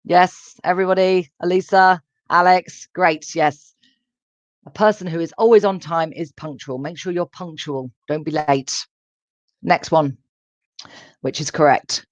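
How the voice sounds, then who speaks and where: A woman's voice: lowish voice, steady tone, unhurried, no echo. Patient woman teaching English online, repeating phrases. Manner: clear teacherly, repeats and drills phrases for learners. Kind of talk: live online language class. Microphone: computer microphone in a live online lesson. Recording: dull, dry lo-fi stream audio.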